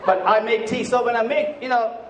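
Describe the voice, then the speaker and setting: A man preaching a sermon to a church congregation, animated and humorous, at times shouting, and calling his listeners "bro" in a casual way. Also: very high-pitched, a little fast. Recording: echoey church hall with crowd and noise. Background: congregation answering.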